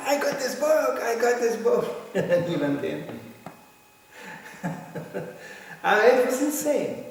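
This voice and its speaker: A man giving a sermon and telling stories in a lively way, acting out the quotes. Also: on the high side, distant mic. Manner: lively storytelling, acts out quotes. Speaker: religious teacher. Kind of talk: sermon with anecdotes. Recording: echoey hall, speaker off-mic, faint noise.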